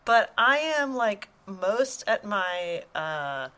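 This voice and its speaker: A woman co-hosting a podcast, giggly, animated and earnest as she talks. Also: mid-range voice, drawn-out words. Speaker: podcast co-host. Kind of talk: casual podcast chat.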